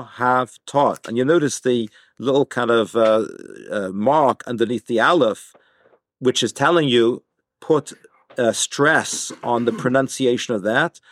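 A man teaching an informal Torah class, explaining slowly with frequent restarts and repeated words. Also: medium pitch, a bit bright. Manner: hesitant, many restarts, explanatory.

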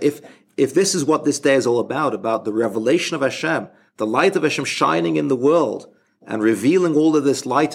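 A man giving an informal spoken religious lesson as a rabbi, halting and often restarting his sentences. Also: medium pitch, vocal fry, husky. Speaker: rabbi teaching a class.

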